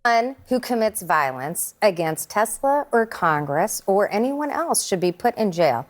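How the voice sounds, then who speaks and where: A woman's voice: mid-range voice, sing-song, measured pace. A woman on a TV news panel, asking pointed, challenging questions. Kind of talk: TV panel debate.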